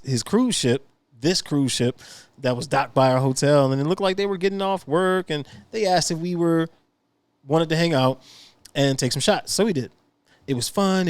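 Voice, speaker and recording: A man guesting on a podcast, reading a listener's story aloud in an animated way and laughing often. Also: medium pitch, no echo.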